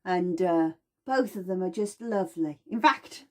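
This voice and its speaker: A woman teaching aromatherapy in a casual, chatty demonstration, lively and playful as she explains. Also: on the low side, a little slow. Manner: chatty, animated, with playful put-on voices.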